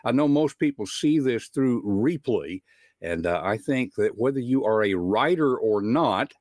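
Southern man, show host, folksy and chatty, dry close sound, mid-pitched voice. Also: animated, a little slow, a little mellow, dry recording. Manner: folksy, chatty, with frequent filler words. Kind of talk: live talk show introduction.

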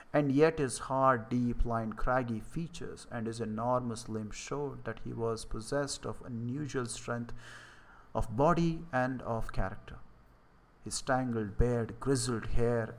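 A man, an amateur narrator, reading a classic detective story aloud in a steady, plain way. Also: medium pitch, gravelly.

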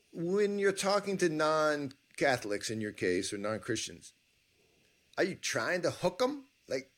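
A man hosting a podcast interview, asking animated, enthusiastic questions. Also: fairly high pitch. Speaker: podcast host.

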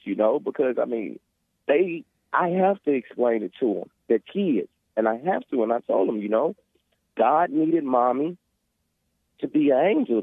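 A man's voice: mid-range voice, husky, no echo. A man calling in to a talk show, talking earnestly and preachily about faith and family, rambling with restarts. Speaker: caller. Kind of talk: emotional phone call to a talk show. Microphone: phone. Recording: tinny dry phone line.

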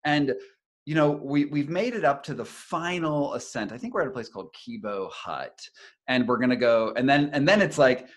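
A middle-aged man talks in a relaxed conversational interview, recounting events at length. His delivery rambles, full of fillers and false starts, and turns animated as he tells the story. His voice sits at a typical male pitch. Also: normal speed. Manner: rambling, many fillers and restarts, animated retelling. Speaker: investigative journalist and author, interview guest.

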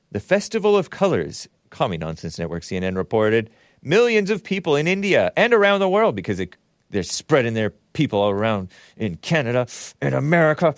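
A man hosting a casual solo talk show, his pitch jumping around as he rambles in a sardonic way. He chuckles at his own jokes and spells words out letter by letter. The sound is close and dry, with no room in it. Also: no room sound. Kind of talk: casual solo commentary reading super chats.

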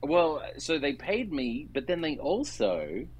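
A man's voice: fairly high pitch, very animated, slow pace, a crowd in the background, rough recording. A man guest on a podcast, chatting casually, swearing and joking with mock voices. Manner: laid-back, swears, jokes with mock voices. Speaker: guest cartoonist. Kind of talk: casual chat.

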